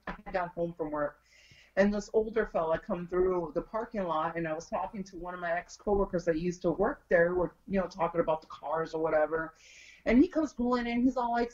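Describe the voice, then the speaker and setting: A woman's voice: lowish voice, muffled recording. A woman guest telling a story in casual chat, acting out each person's lines as she goes. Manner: animated, acts out dialogue in quotes.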